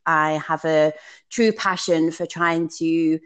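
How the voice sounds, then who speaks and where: Excitable British woman coach. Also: deep voice, clean tone, low-quality recording. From United Kingdom. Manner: excitable, self-mocking, quick bursts of laughter. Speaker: guest, fitness coach. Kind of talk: casual podcast interview.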